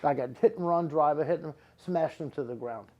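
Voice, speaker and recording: A middle-aged man works a live audience as a psychic medium. His voice sits a little high, and he talks in rambling, emphatic runs, repeating words again and again to drive a point home. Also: brisk, highs cut off. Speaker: psychic medium giving readings.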